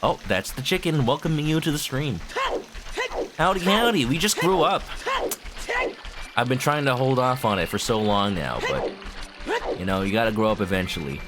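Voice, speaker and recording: A man's voice: mid-range voice, expressive, normal speed. A young man casually commentating a video game stream in a goofy, chatty way. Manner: goofy, chatty, breaks into voices. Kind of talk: casual let's-play commentary. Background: game music.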